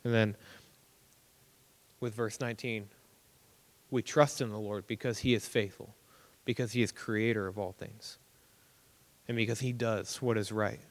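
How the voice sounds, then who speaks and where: A young man giving a casual, conversational sermon as a preacher, animated and acting out everyday reactions. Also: lowish voice, measured pace, long pauses. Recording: long hall reverb.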